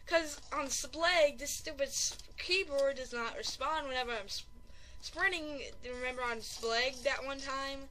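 A very high, bright voice from a woman calling out a video game as she plays it. She gets excitable and panicky, piles up repeated exclamations and keeps joking about how bad she is at the game, with a faint hiss under the recording. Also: unhurried. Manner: self-deprecating chatter. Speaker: gaming channel host. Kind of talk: live gameplay commentary.

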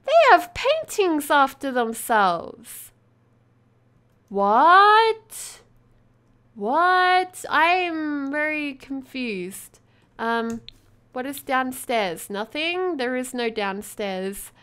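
Woman let's-play host, high and animated, unhurried, gasps at everything. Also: clear, resonant tone. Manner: excitable, gasping, exclaiming in wonder. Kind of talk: gameplay commentary.

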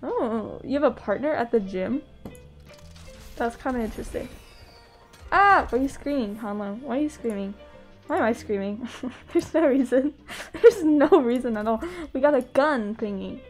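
A woman's voice: fairly high pitch, normal speed, warm tone. A young woman streaming and chatting casually with her viewers, laughing often, from the US West Coast. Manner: giggly, talks to chat, laughs often. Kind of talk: casual live-stream chat. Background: faint background music.

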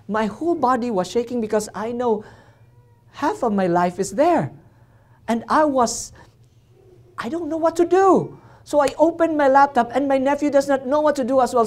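A man, a traveling missionary, telling a personal testimony in a church sermon with self-deprecating jokes and acted-out reactions. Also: extremely high pitch. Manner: lively storyteller, self-deprecating jokes, acts out his own reactions.

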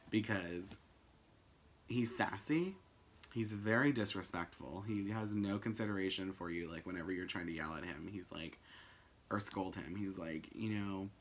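A young man telling a story in a casual, animated way, full of "like" fillers and swearing. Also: on the low side. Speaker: vlogger.

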